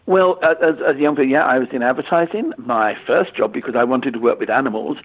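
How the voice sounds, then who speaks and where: An English man in his sixties, a medium, answering interview questions in a halting way, often repeating words and using fillers. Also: medium pitch, husky. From England. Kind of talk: conversational interview. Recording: tinny phone-line audio.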